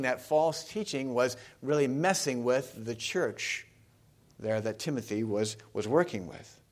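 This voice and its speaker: A male pastor giving a sermon in a conversational way, often putting questions to the congregation. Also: medium pitch.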